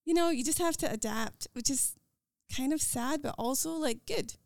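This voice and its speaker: A woman's voice: high-pitched, creaky, a little mellow, dry recording. American woman with a Scottish lilt. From United States. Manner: quick, earnest, with many fillers and restarts. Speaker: podcast guest. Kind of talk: casual conversational interview.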